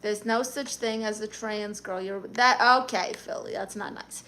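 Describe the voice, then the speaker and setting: A woman's voice: medium pitch, fairly even intonation, normal speed, bright, forceful tone, slight background noise. A woman from Brooklyn with a New York accent, casually chatting on a live stream and firing sassy comebacks at viewers. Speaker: comedian live-streamer reading chat.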